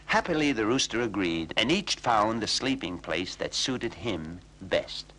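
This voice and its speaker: A man reads a children's storybook with a lively, playful lilt that swings widely. His voice sits a touch low but rings bright and clear. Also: unhurried, rough recording. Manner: animated, playful reading. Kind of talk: storybook narration on a children's record.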